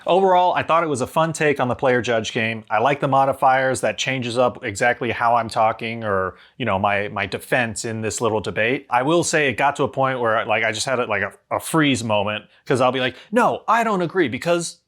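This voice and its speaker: Man, mid pitch, casual review chat, halting, laughs often. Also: a bit bright. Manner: halting, laughing, restarts a lot. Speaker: board game show co-host.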